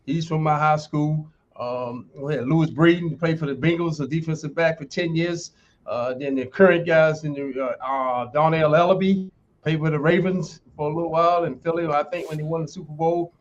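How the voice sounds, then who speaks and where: A man's voice: fairly high pitch, fairly even intonation, brisk, dull audio, slight background noise. A man in his sixties from North Carolina with a Southern accent, chatting easygoingly as an interview guest. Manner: easygoing, says "man" often. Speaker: guest, former football player. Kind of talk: casual interview chat.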